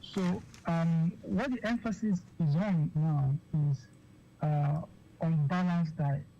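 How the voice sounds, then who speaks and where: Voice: mid-range voice, slow pace, dark tone. Hesitant physician guest on lo-fi radio. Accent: Nigerian English. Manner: hesitant, repeats words, many fillers and okays. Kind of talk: radio health interview. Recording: dull lo-fi radio sound with faint noise.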